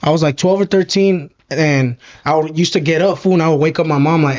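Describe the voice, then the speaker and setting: Slangy SoCal man, higher voice, profane storyteller, slightly muffled audio. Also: a little fast, few pauses, a little mellow. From Southern California. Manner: slangy, calls everyone "fool", swears often. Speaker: podcast guest. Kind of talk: casual storytelling. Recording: slightly dull lo-fi sound.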